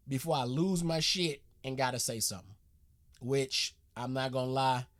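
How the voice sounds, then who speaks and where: A man hosting a reaction video, talking casually in slang, rambling with restarts and breaking into loud, profane outbursts. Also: mid-range voice. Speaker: reaction channel host.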